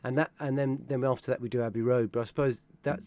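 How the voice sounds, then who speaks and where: A man's voice: mid-range voice, fairly even intonation, quick pace, mellow, no echo. Chatty man laughing through an interview. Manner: chatty, laughing, rambling with fillers. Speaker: tribute band member. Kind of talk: casual interview chat.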